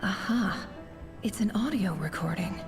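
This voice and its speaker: A woman's voice: medium pitch, lively intonation, unhurried, over music, natural voice. An actress voicing a curious young woman adventurer who searches an office in a whisper, whispered role-play. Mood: hushed curious. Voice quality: whispered, gravelly.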